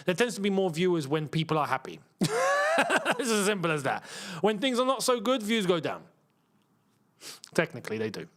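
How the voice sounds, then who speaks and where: A young man talks through a live football match for his viewers, using casual slang. His voice sits high and swings widely, and he bursts into yells whenever a chance goes begging. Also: normal speed, pauses often. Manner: excitable, shouts at chances, chatty slang. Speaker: football channel host. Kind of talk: live match watchalong commentary.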